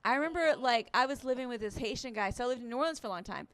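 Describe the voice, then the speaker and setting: A woman's voice: fairly high pitch, lively intonation, rapid-fire. A woman from Alabama, doing a rambling, profane stand-up set. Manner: rambling, profane, self-mocking. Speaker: stand-up comedian. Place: resort stage, in front of a live audience.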